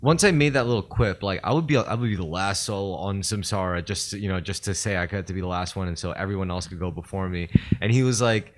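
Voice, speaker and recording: A man's voice: low voice, fast talker, few pauses. A man co-hosting a podcast in casual chat, rambling with many fillers and restarts. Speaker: podcast co-host.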